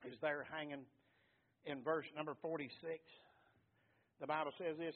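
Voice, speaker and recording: A man's voice: fairly high pitch, steady tone, normal speed, long pauses. Emphatic male preacher, tinny sound. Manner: emphatic preaching, swings between loud and hushed. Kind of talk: sermon.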